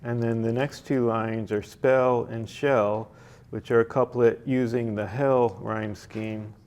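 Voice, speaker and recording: A man leading a library poetry workshop, explaining sonnet form slowly with frequent fillers and restarts. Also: medium pitch, steady tone, darkish tone. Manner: slow, halting explanation with many fillers and restarts. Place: library meeting room.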